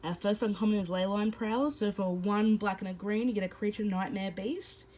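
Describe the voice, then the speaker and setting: A woman's voice: mid-range voice, steady tone, a little fast, a little mellow, a little hiss or hum, rough recording. A woman hosting a card-opening video, reading card text and then chatting about each card, with some fillers. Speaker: host. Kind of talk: casual card-opening commentary.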